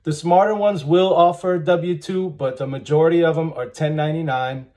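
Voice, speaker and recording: A man's voice: a little high, fairly even intonation, moderate pace, a little mellow. A man, reading job ads aloud and commenting bluntly and wryly, chuckling often. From United States. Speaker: trucking channel host.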